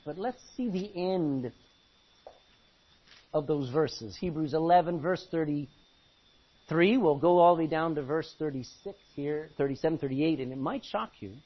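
Husky-voiced man preaching a sermon. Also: on the high side, lively intonation, a little slow, lo-fi sound. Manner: dramatic scripture reading, rhetorical questions to the congregation. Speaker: pastor.

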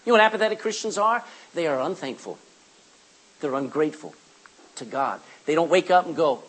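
A middle-aged man preaches with a husky, slightly rough edge to his voice. His pitch rises and falls in wide swings as he reads scripture and acts out short asides. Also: fast talker, rough recording. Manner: animated, quoting scripture and acting out asides. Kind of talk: sermon.

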